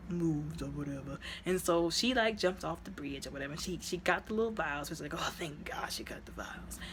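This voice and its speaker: A woman with a lowish voice rambles her way through a movie recap, piling up "like" and "you know" as she goes. Her retelling is chatty and animated, and her voice suddenly leaps into high exclaiming tones. The faint noise behind her is barely noticeable. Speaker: movie reviewer.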